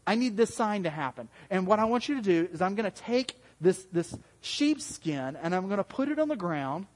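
High-voiced man preaching in a hall. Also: big pitch swings, normal speed, darkish tone. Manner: conversational, asks the congregation questions; acts out quoted voices with big pitch jumps. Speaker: pastor. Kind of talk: interactive sermon.

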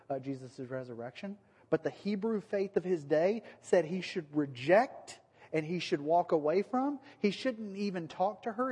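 Guy preaching casually, kinda high voice, acts out the quotes, echoey church hall. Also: a little mellow, breathy edge. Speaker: pastor. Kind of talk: sermon.

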